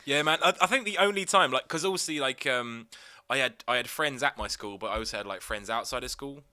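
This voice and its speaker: Bright-voiced young man, rambling. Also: mid-range voice, a little fast. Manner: rambling, sweary, animated storytelling. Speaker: podcast co-host. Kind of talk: casual chat.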